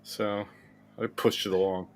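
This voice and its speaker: A man's voice: fairly low pitch, level tone, measured pace. A man co-hosting a postgame sports show, trading sardonic wisecracks about the team. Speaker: co-host. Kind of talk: casual sports banter.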